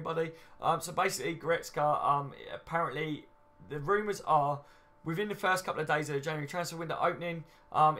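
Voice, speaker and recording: A man in his thirties with a slightly high voice, chatting on a live stream. He rambles casually through viewer comments, filling the gaps with ums and "you know what I mean". He sounds relaxed and conversational.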